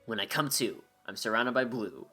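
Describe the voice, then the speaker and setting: A man's voice: medium pitch, moderate pace, sharp tone. A man doing let's-play commentary, reading game text aloud between joking, sarcastic, rambling asides. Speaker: gameplay commentator. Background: faint game music.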